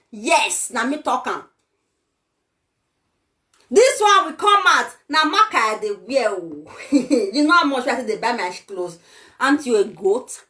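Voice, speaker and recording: Young woman, Nigerian accent, high voice, fiery scolding rant, vlog. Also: fairly bright tone. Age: young adult. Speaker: vlogger. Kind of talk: ranting vlog.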